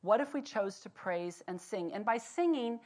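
Animated woman giving a devotional talk. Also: medium pitch. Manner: animated storyteller turning earnest and slow when exhorting. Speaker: devotional speaker. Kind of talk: devotional talk with personal story.

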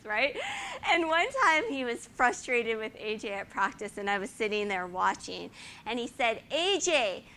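A woman's voice: fairly high pitch, bright, forceful tone. A woman in her forties teaching the Bible to a group in a casual, chatty way, often asking 'right?' and laughing.

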